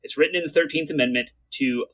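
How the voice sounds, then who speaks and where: A man co-hosting a gaming podcast, talking earnestly and quickly in casual chat, urging listeners to act. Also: on the high side, a bit bright, rough recording. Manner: earnest, talks quickly to get through points. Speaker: podcast co-host.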